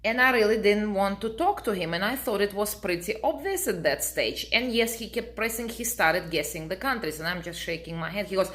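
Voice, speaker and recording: Bright-voiced deadpan woman telling a story. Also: medium pitch, a little fast, few pauses. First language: Russian. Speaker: vlogger. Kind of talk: casual storytelling to camera.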